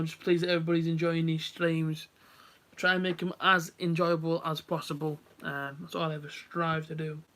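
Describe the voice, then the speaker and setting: As the match plays, the young stream host keeps up a casual, meandering commentary aimed right at his viewers. His voice is fairly high and sharp-toned.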